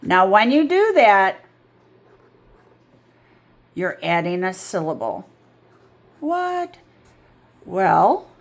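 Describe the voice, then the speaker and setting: A woman reading tutor giving a patient, drawn-out phonics lesson. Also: lowish voice.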